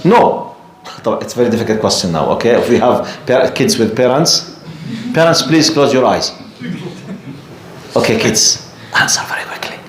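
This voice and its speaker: A man giving a storytelling religious lecture to a live class, animated and often asking the audience questions. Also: mid-range voice, normal speed, long pauses. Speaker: Islamic lecturer. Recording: echoey room.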